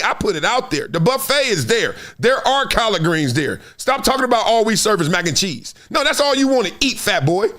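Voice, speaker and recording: On his own sports talk show, a middle-aged ex-football player makes his case emphatically yet conversationally, in a solo commentary. His voice is high for a man, with lively pitch swings, and he often checks in with the listener and piles up repeated "no"s for effect.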